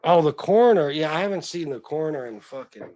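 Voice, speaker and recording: A man's voice: on the high side, a little fast, no echo. Profane, rambling man on a livestream. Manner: profane, rambling, animated reactions. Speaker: livestream host. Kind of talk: casual livestream chat reading comments.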